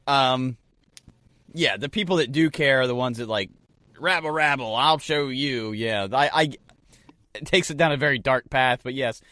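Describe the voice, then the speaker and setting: A man's voice: medium pitch, normal speed, fairly bright tone, dry recording. A man co-hosting a casual podcast, rambling through jokes and riffs, calling his partner man and dude. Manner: rambling, riffs with jokes and bits of mock voices. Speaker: podcast co-host.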